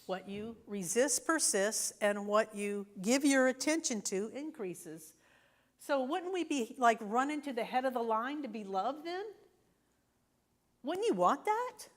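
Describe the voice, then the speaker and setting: A woman's voice: a little high, lively intonation, measured pace. A woman minister giving a sermon in a conversational way, often checking in with the congregation. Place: church sanctuary.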